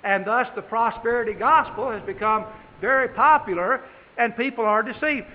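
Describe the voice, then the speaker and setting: High-voiced preacher in a reverberant hall. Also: male voice. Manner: slow emphatic scripture reading, then plain conversational aside. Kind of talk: sermon with scripture reading. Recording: dull, echoey hall.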